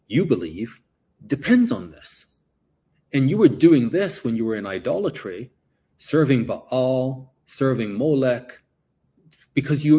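A man's voice: medium pitch, warm tone, slightly rough, lo-fi sound. A man teaching a Bible passage verse by verse, explaining Greek words and often repeating himself as he works through a point.

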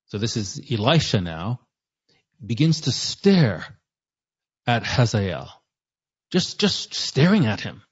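A man teaching a sermon, reading scripture and retelling it in everyday words with conversational asides. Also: lowish voice. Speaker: preacher. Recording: dull lo-fi sound.

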